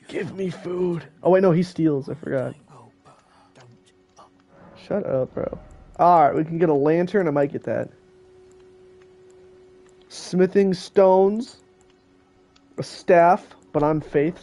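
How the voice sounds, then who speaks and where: A teenage gamer streams with casual commentary, bantering with friends on a call. His slightly high voice is gravelly yet warm.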